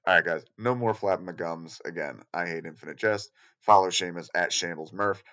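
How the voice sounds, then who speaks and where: A man's voice: sits low, a little fast, pushed and bright, dull audio. A man hosting a podcast, plugging his shows in an offhand, joking way. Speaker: podcast host. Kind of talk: outro promo.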